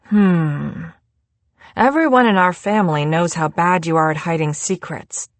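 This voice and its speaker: A woman voicing a giddy, tipsy young adult chef in an audiobook, talking in a playful, animated way. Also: fairly low pitch, measured pace, no echo.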